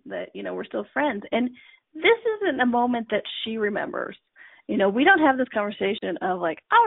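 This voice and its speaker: A middle-aged woman hosting a show, telling a casual story in a chatty, animated way and laughing often. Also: on the high side, creaky, slightly rough, no room sound. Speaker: host. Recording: tinny phone-line sound.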